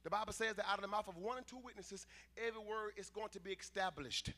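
Man, pastor preaching, high voice, bright and forceful, emphatic swings in loudness. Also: fast. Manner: emphatic preaching, rising to shouts, dropping to asides. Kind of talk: sermon. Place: church sanctuary.

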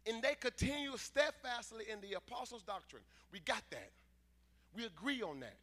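Emphatic high-voiced preacher man. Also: expressive, normal speed. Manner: emphatic preaching, rising to shouts, dropping to asides. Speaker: pastor. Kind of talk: sermon. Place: church sanctuary.

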